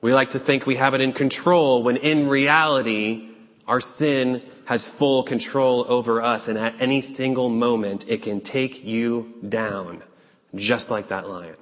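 A man preaching a sermon, urgent and questioning, with dramatic pauses. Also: medium pitch, steady tone, fairly bright tone. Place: church sanctuary. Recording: long hall reverb.

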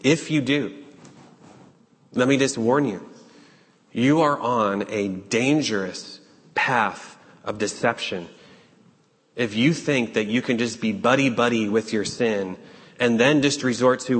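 A man preaching a sermon, urgent and questioning, with dramatic pauses. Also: medium pitch. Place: church sanctuary. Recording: long hall reverb.

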